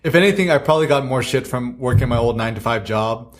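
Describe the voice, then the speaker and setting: A man, a guest street photographer, telling stories on a podcast in an animated way and acting out the people he quotes. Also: mid-range voice, quick pace. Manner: animated, laughs often, acts out quotes. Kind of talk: casual podcast storytelling.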